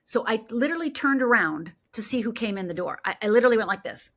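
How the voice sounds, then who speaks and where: A woman's voice: on the high side, expressive, quick pace, fairly bright tone. A middle-aged woman, a life coach, telling a personal story in an interview and acting out the voices she quotes.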